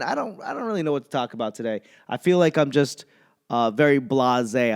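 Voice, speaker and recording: Brief: Boston man in his thirties, comedy podcast host, smooth and clear, rambling and swearing freely. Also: mid-range voice. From Boston area. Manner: rambling and profane, with self-mocking asides. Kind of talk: casual comedic monologue.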